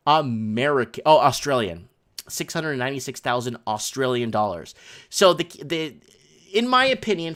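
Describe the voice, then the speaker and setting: A man's voice: fairly high pitch, fairly bright tone. A man hosts a housing market talk show. He reads news items aloud, adds rambling commentary, and works out sums as he goes.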